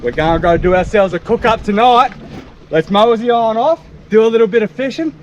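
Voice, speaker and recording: High-voiced excitable Australian man. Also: brisk, muffled recording, a little hiss or hum. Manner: excitable, drawling, folksy. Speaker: fishing vlog host. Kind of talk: casual outdoor vlog commentary. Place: small boat on open water.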